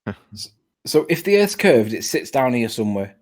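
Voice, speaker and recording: Man on a call, insistent and stammery, mid pitch, casual debate. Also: very animated, normal speed, darkish tone. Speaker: caller on a live stream. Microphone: video call.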